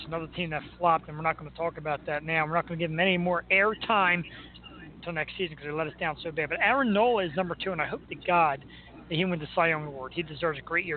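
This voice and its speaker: High-pitched guy from philly doing casual sports talk, excited and chatty, tinny phone-like sound with a bit of hiss. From Philadelphia. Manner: enthusiastic, chatty, laughs easily. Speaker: show host. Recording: tinny phone-like line with faint noise.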